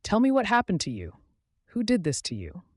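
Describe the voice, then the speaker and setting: A desperate young woman begs and pleads in a high, urgent voice, as a male narrator puts her on. Her lively pitch climbs and falls through her storybook lines. The recording is dry and close. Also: a little fast, no room sound, exaggerated voice. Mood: pleading.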